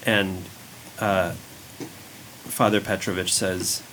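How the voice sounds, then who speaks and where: Slow gravelly game master. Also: male voice, low-pitched, fairly even intonation, a bit bright, slight background noise, rough recording. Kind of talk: narrating a tabletop game.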